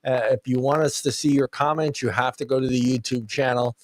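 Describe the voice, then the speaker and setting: A man's voice: medium pitch, steady tone, fairly quick, no echo. Chill podcast host guy wrapping up, mid voice, dry close mic. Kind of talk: casual show sign-off.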